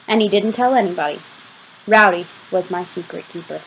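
A woman reading a novel aloud as an audiobook, giving the first-person narration a lively, expressive delivery. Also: on the low side, a little fast, a little hiss or hum, rough recording. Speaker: audiobook reader.

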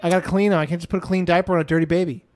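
A man hosting a casual gaming chat, excitable and teasing, with plenty of swearing. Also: high-pitched, racing. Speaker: host.

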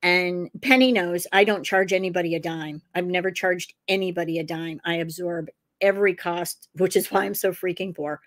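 A woman's voice: on the low side, fairly even intonation, moderate pace. A woman who is a psychic detective and author, telling a long story in a casual interview over a video call, circling back with fillers as she goes.

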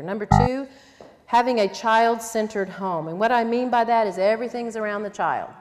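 A woman's voice: on the high side, normal speed, background noise. An older woman teaching a conference sermon on parenting, earnest and plain-spoken, with quoted asides. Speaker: conference speaker. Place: church conference hall. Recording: long reverb in a hall.

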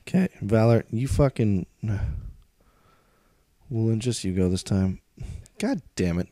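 A man's voice: lowish voice, very animated, measured pace, mellow, no echo. A man playing through a strategy game, commenting as he goes and swearing a lot as he complains about the game's unfairness. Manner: profane, grumbling, calls out the game's unfairness. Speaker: let's play gamer.

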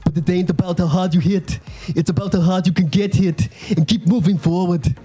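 A gruff, weary boxer delivers a slow, heavy pep talk, as a man puts on the voice. The voice is husky and very dark, pitched higher than the performer's own. Faint music sits underneath. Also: steady tone.

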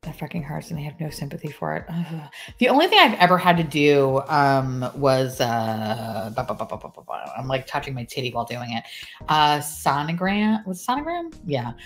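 A woman's voice: low-pitched, expressive, normal speed, soft background music. A woman, chatting casually and profanely on a live stream, often laughing as she talks.

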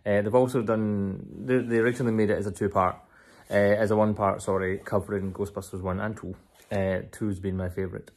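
Male vlogger, rambling and chatty, lowish husky voice, phone-camera sound. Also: level tone, fairly quick, a little mellow. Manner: chatty, rambling, self-deprecating. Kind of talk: casual travel vlog.

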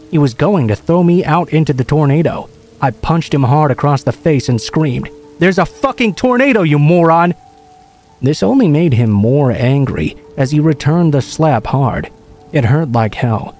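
Male horror narrator, mid pitch, mellow dark timbre. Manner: steady, measured storytelling. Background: faint music and rain.

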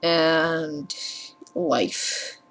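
A woman's voice: deep voice, steady tone, very slow, fairly bright tone, slight background noise. A young woman rambling casually as a gaming vlogger at her home computer, sarcastic and prone to swearing and ranting. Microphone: computer mic with headphones.

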